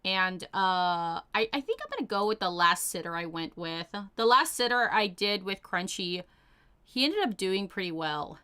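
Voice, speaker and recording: A woman's voice: mid-range voice, lively intonation, normal speed, bright, forceful tone, clean tone. A young woman casually chatting as she reads out chat messages, bubbly and gushing, full of "like" and "oh my gosh". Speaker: streamer reading chat.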